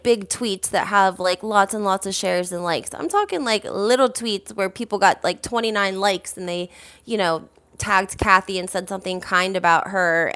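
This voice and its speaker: A woman hosting a casual reality TV gossip chat, reading out viewer comments in a chatty, animated way, full of fillers. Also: medium pitch.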